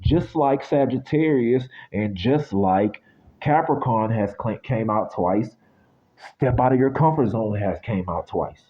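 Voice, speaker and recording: A man's voice: mid-range voice, a little slow, warm tone, lo-fi sound. A man from the United States giving a casual spiritual reading that turns into a blunt, sweary rant. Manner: blunt, ranting, swears freely.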